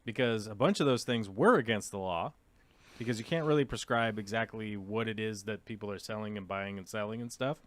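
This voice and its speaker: A man hosts a live talk show in a fairly low voice, explaining things at an easy pace. He often checks in with a quick "okay." The sound is dry, with no room echo. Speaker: host. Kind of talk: casual chat, explaining.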